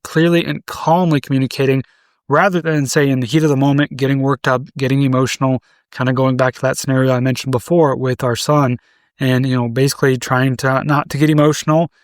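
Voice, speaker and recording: Guy in his 30s doing a solo podcast, mid pitch, chatty and rambling, dry close sound. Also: fairly even intonation, a little fast, no echo. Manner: conversational, repeats "right?" and restarts. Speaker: podcast host.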